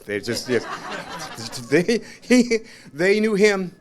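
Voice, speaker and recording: A man with a slightly raised pitch speaks at a memorial gathering in a restaurant. His tribute is rambling and anecdotal, and he acts out other people's lines. He turns emotional and laughs between lines. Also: very animated, fairly quick. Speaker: friend giving a memorial tribute. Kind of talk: informal memorial speech. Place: restaurant, gathering of friends and family.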